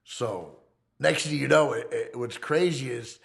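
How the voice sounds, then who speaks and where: A man's voice: medium pitch, measured pace, vocal fry. A man telling a wild story from his past in casual, profane street talk, often checking in with "right?". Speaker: documentary interviewee. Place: fireside.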